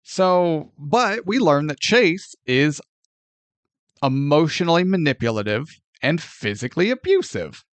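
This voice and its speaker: A man hosting a casual film review podcast, sarcastic and animated, swearing freely as he retells a plot. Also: a little high, measured pace, dry recording.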